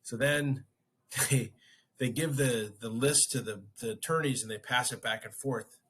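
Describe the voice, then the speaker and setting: A man's voice: medium pitch, measured pace, fairly bright tone, breathy edge. A man hosting a podcast, casually telling a story and acting out his own reactions. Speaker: podcast host.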